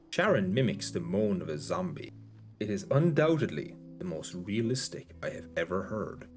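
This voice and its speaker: A man's voice: fairly low pitch, gravelly. A man reading a story aloud in a live stream, narrating steadily and describing gestures. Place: home streaming setup.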